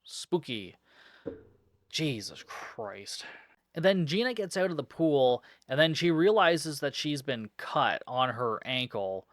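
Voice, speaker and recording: Swearing constantly, this male podcaster gives a sarcastic, fed-up recap of a movie in a slightly high, very animated voice. He talks a little slowly, his tone a bit bright, with dry studio-quality sound.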